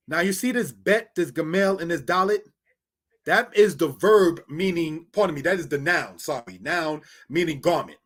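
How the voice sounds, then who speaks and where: A man's voice: a little high, moderate pace, a bit bright. A man teaching a Bible Hebrew lesson over slides, addressing viewers as brothers and sisters, explaining words step by step.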